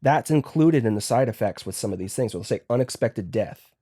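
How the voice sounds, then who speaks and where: A man's voice: mid-range voice, expressive, warm tone, no echo, clean studio sound. A man, a podcast guest, telling stories casually, stopping and restarting often. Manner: halting, full of restarts and fillers. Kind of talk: casual storytelling.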